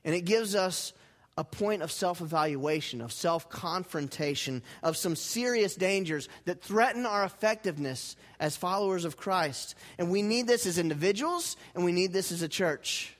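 The pastor's voice sits high and sounds animated, at a normal pace, as he preaches to his church. He moves from loud, emphatic stretches to quiet, intense ones and guides the congregation through call-and-response.

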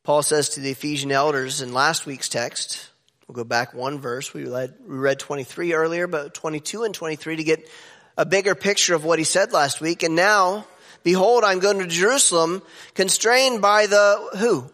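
A man preaching a sermon as pastor, animated and jumping up in pitch for emphasis. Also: moderate pace. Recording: echoey hall with long reverb.

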